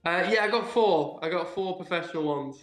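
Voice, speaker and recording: A man's voice: high voice, fairly quick, a bit bright, echoey room. A young man from England, an actor, chatting eagerly in a casual interview with lots of ums and likes. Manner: enthusiastic, many ums and likes. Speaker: actor guest. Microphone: video call.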